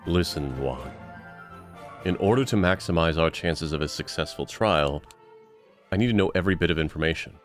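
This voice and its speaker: A man voicing a stern, blunt male lawyer, speaking in a firm and measured way. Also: very deep voice, a little mellow, soft background music, pitched below the performer's own voice.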